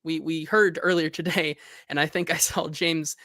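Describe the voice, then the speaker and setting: A man hosting a sports talk show in easy, rambling chat. His voice sits a little high and rings bright and forceful. The sound is dry and close. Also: flat delivery, moderate pace, dry recording. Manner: chatty, loose, reads news aloud. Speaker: sports podcast host. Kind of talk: casual chat.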